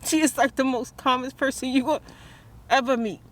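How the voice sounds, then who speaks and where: A woman's voice: sits high, steady tone, moderate pace. A woman vlogs about her stressful morning, praying aloud and restarting her sentences, out near a car. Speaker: vlogger. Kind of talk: emotional vlog monologue.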